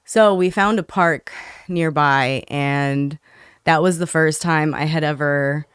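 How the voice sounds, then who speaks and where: Guest woman, soft-spoken and hesitant, smooth clear voice, dry close mic. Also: low voice, no echo. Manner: soft-spoken, quick to laugh, hesitant with many ums. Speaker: podcast guest. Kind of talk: casual interview, personal testimony.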